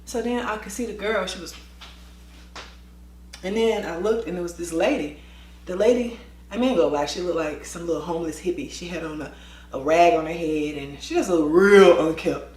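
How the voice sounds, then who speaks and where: A woman telling a school story in a lively vlog style, acting out the voices with quick asides. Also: lowish voice, echoey room. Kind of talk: storytime vlog, animated retelling.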